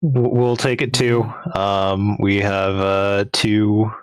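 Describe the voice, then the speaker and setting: A man's voice: on the low side, level tone, slow, clean tone, dry recording. A man from the Pittsburgh area, a guest caster and card game organizer, talking casually with many ums. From Pittsburgh area, USA. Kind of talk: casual chat.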